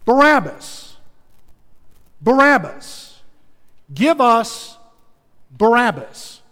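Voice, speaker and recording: A man shouting as an angry crowd, chanting demands in a sermon. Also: very high voice, sing-song, extremely slow, in a large hall, voice pushed up, full character voice.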